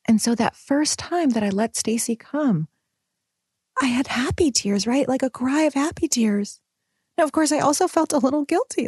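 A woman in her thirties talking to her audience in a casual, animated personal vlog. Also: fairly high pitch, moderate pace, slightly rough, dry recording, clean studio sound. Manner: animated, expressive, swings between excited and soft. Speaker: mom vlogger and women's coach.

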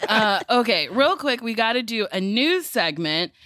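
A woman's voice: a little high, sing-song, moderate pace, pushed and bright, no room sound. A woman hosting a casual podcast chat, playful and jokey, into a studio microphone. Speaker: podcast host.

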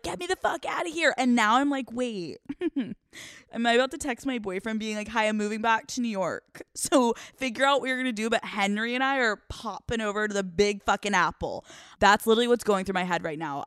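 A young woman hosting a casual vlog-style podcast, excitable and profane, laughing often as she talks. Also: mid-range voice, clean tone, no room sound, studio quality. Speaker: podcast host. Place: hotel room.

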